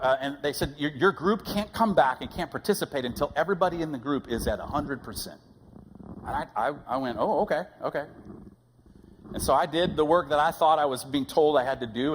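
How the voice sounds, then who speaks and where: A middle-aged man preaching a sermon as pastor, telling stories in an animated way and acting out the voices he quotes. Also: mid-range voice, fast talker, in a large hall, a little hiss or hum, poor audio. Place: church sanctuary.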